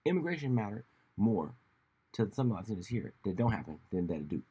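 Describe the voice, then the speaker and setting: A man hosting a casual solo commentary show, rambling and animated, often slipping into mocking voices when he quotes people. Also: fairly low pitch, brisk, slightly rough, dull audio. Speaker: podcast host.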